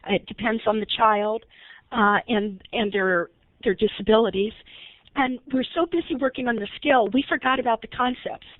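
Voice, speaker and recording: Woman presenter, fairly high voice, chatty, questions the audience, dry tinny phone audio. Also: normal speed, no room sound. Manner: conversational, asks the audience questions. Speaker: early intervention trainer. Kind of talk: recorded webinar training talk.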